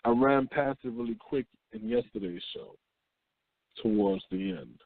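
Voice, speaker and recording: Gravelly man hosting call-in radio. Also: medium pitch, no echo. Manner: unhurried, reflective, reads news aloud. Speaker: radio show host. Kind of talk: call-in talk radio monologue. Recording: phone-line call-in audio.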